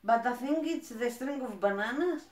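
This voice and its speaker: A woman from Greece with a Greek accent, chatting as she unboxes plants, gushing and halting with fillers. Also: a little high, lively intonation, darkish tone, roomy sound. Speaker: plant vlogger. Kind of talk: casual unboxing chat.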